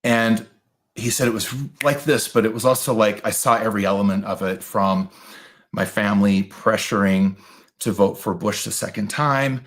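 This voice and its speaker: A man telling a personal story in a reflective monologue, with many pauses, fillers and restarts. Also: fairly low pitch. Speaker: astrologer host.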